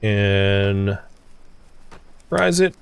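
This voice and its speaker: A man's voice: fairly low pitch, big pitch swings, very slow, vocal fry, clear, resonant tone. A man hosting a let's play, giving casual gameplay commentary, thinking aloud and talking straight to his viewers. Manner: chatty, thinks aloud, chuckles often; addresses viewers directly.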